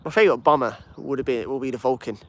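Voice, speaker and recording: A man's voice: mid-range voice, quick pace. A man from England with a Birmingham accent, hosting a plane-spotting livestream and chatting casually with his viewers. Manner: chatty and easygoing, reading and answering chat.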